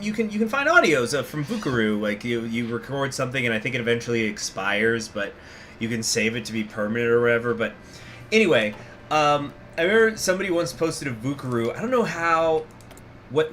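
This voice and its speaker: A man's voice: medium pitch, lively intonation, a little fast, a bit bright, a little hiss or hum. A man hosting a gaming channel, talking casually and rambling off into stories while he plays a strategy game. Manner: rambling, digressive, laughs often.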